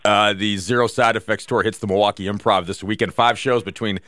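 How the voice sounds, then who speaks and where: A radio host asking long, rambling questions and reading show details. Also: male voice, lowish voice, fairly even intonation, brisk, bright, forceful tone, dry recording, studio quality. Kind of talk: casual radio interview.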